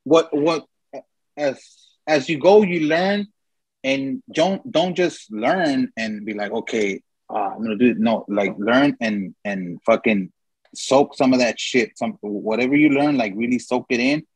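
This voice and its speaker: A man with a husky, slightly breathy voice hosts a casual podcast. He talks bluntly and swears often while handing out advice. His voice sits close and dry on the mic. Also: mid-range voice, measured pace, no echo, low-quality recording. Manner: blunt and heavily profane, giving advice. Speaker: podcast host.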